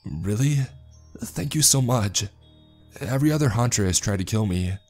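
A man voicing a timid, gentle male sasquatch who speaks softly with a quivering voice. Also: on the low side, expressive, normal speed, faint music behind, pitched above the performer's own voice. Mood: grateful. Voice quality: soft, quivering.

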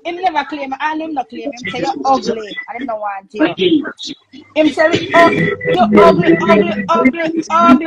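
A Jamaican woman in a heated live-stream rant, loud, cursing and taunting, repeating her insults again and again. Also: sits high, muffled recording.

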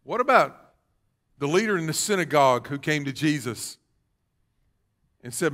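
A man preaching a sermon as pastor, calling out questions to the congregation and rising to loud, fervent passages. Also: on the high side, expressive, normal speed, long pauses. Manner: call-and-response preaching, rising to loud fervor. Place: church sanctuary.

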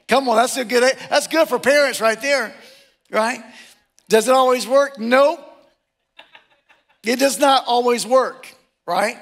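A middle-aged male pastor preaching a sermon, animated and joking, acting out the people he quotes. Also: extremely high pitch. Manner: animated, jokey, acts out quotes.

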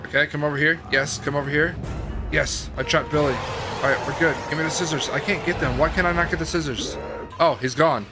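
A young man commentating a horror game, excitable and chatty, full of slang. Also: fairly high pitch, a little fast. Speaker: gaming video host. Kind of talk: gameplay commentary. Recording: game music behind.

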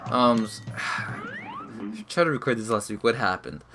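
A man giving excitable let's play commentary as a gaming YouTuber, muttering and groaning at the game. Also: mid-range voice, quick pace, slight background noise. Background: game music.

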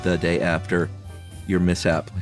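A man co-hosting a casual podcast in a laid-back, deadpan way, also reading out listener mail. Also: low voice, takes it slowly, music in the background.

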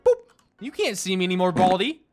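A man's voice: high voice, big pitch swings, brisk, darkish tone, soft background music. A man doing comedic, playful gameplay commentary, teasing and giggling as he plays. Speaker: gaming YouTuber.

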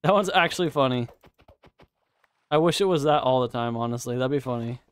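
Smooth-voiced man streaming a game. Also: medium pitch, a little fast, no echo. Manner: chatty and profane, talks to himself and the game. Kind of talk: casual live gaming commentary.

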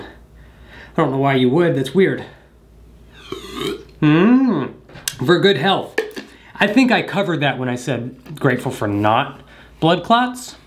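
A man's voice: on the high side, a little hiss or hum. A man vlogging casually at home, rambling with lots of hesitant ums and jokey asides. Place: at his house.

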